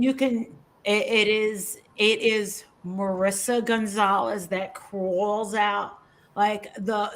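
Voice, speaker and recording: A woman commentator on a casual livestream, ranting with outrage and heavy swearing. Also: mid-range voice.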